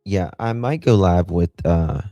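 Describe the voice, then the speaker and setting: Low, gravelly, slow-talking man streaming live. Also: mellow, no room sound, highs cut off, soft background music. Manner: rambling, chatty, talks back to chat. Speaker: livestream host. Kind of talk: casual livestream chat reading comments.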